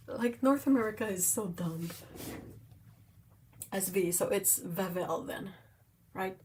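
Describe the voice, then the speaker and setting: A woman hosting a casual livestream from home, chatty and exclamatory with frequent laughs, cooing softly at her cats. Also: medium pitch, slight background noise, poor audio. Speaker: livestream host.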